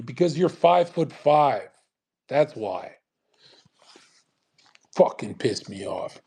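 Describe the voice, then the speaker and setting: A man's voice: medium pitch, measured pace, long pauses, a little mellow, slightly rough. A man ranting in a live audio chat, profane and aggressive, scornful, hammering the same point again and again. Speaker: online streamer.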